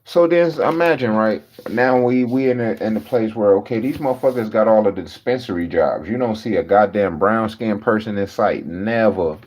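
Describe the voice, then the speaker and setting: A man's voice: on the low side, moderate pace, few pauses, darkish tone. A man in a casual, profane rant full of slang, telling exasperated stories in a loose storytelling flow. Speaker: podcast host. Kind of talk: casual ranting monologue. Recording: dull lo-fi recording.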